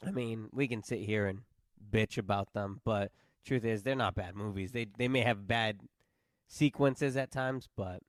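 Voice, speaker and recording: Man, film critic guest, smooth resonant voice, dry close mic, relaxed plot recap. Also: fairly low pitch, a little slow, no room sound. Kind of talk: casual film review chat.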